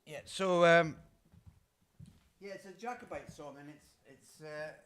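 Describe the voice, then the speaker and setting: A man with a fairly high, smooth, somewhat bright voice talks at a measured pace between songs, guitar audible behind him. The Scottish singer-songwriter hosts his own live show, meandering and hesitant, full of fillers as he patiently explains things.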